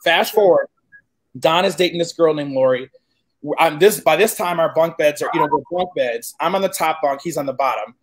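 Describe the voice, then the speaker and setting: A man in his forties from Chicago, a guest telling a story in casual, animated chat, cursing freely and acting out what people said. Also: on the high side, brisk. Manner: animated, profane, acts out quoted dialogue.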